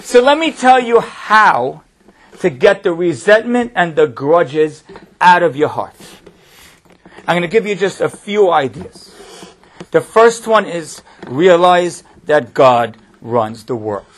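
A man's voice: a little high, lively intonation, slow. A man who works at a school, giving an inspirational religious talk and repeating key phrases for emphasis.

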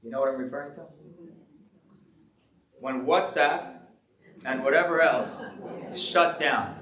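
A man speaking as a rabbi, giving a sermon to a live audience in an animated, joking, rhetorical way. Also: mid-range voice, slow, recorded from a distance, a little hiss or hum. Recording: echoey room.

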